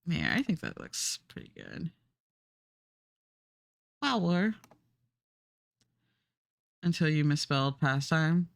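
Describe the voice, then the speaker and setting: A woman's voice: deep voice, wildly swooping pitch, slow, vocal fry, long pauses, no echo, clean studio sound. A woman streamer chatting casually while she draws, rambling and laughing often. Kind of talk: casual live-stream chat while drawing. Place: home streaming setup.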